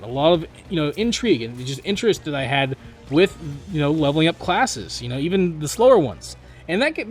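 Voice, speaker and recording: A young man rambling casually to his viewers, with many fillers and restarts. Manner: mimics other players in quick high voices. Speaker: gaming YouTuber. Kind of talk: casual spoken monologue.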